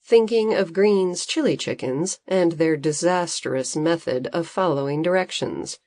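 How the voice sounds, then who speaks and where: A woman narrating a children's storybook in an expressive, unhurried manner. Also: on the low side, no echo. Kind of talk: storybook reading.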